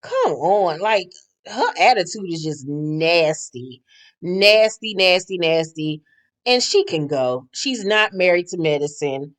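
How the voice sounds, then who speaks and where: A woman's voice: fairly low pitch, animated, slow. A woman giving a casual, gossipy, profane recap of a reality show, blunt and sassy in her opinions.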